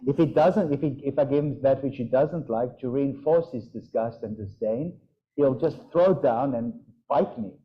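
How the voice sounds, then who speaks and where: A man leads a relaxed group conversation, animated and chatty, acting out the sounds his pets make. His voice sits at an ordinary pitch. The recording is dull and slightly lo-fi. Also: moderate pace. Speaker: group leader. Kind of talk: casual group discussion.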